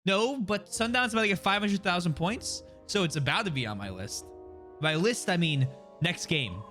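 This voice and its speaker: A man's voice: sits high, lively intonation, normal speed, a bit bright, soft background music. A young man streaming a game, casually chatting with viewers and reading the dialogue aloud. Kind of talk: casual gameplay commentary.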